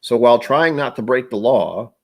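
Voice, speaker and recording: A man hosting a casual livestream, chatting and rambling, often trailing off into quiet asides. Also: medium pitch, animated, moderate pace. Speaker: livestream host.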